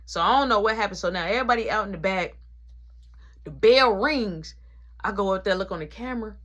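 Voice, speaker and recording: A woman telling a casual story, animated and full of reported speech. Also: mid-range voice, brisk.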